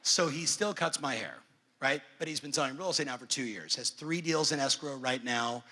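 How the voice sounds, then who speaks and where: Brash, bright-voiced male keynote coach. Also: mid-range voice, moderate pace. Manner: brash, profane, keeps polling the crowd. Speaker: real estate coach. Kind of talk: motivational conference keynote. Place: large conference hall stage. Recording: long reverb of a big hall.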